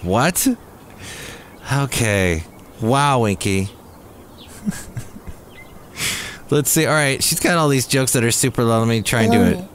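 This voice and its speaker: A man hosts a comic podcast in a goofy, jokey way, and his voice swoops up and down with lively energy. He reads jokes aloud and tries silly voices. A faint hiss sits behind him. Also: mid-range voice, takes it slowly, pauses often. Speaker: podcast host. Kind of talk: comic solo podcast chat.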